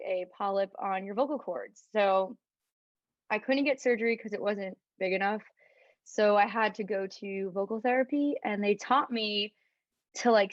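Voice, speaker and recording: A singer-songwriter from Staten Island who speaks with a New York accent. She chats in an animated, giggly way and leans into her stories. Her audio is dull and a little lo-fi, with a dry, close sound. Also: medium pitch, dry recording. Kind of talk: casual interview chat.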